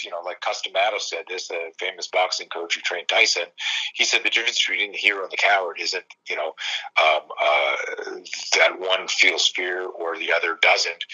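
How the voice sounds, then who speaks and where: Animated, bright-voiced male coach. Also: low voice, slightly rough, muffled recording. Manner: animated, profane, acts out quoted dialogue. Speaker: self-defense coach. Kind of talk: casual storytelling in a conversation.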